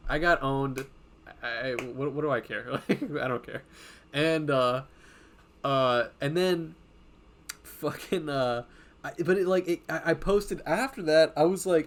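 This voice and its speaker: A man's voice: mid-range voice, normal speed. A man streaming live and chatting casually as a comic artist, rambling, swearing often and breaking into laughs.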